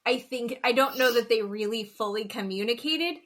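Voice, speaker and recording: Woman, podcast co-host, high-pitched, animated storyteller, casual chat. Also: moderate pace. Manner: animated storyteller who acts out quotes. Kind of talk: casual chat recapping reality TV.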